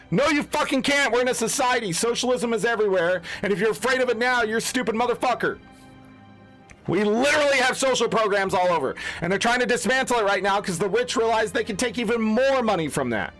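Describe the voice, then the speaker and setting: Heated gamer-streamer rant, man, high voice with big swings, faint music underneath. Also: expressive, fast, a bit bright. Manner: heated, profane ranting. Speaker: gaming streamer. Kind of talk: unscripted rant.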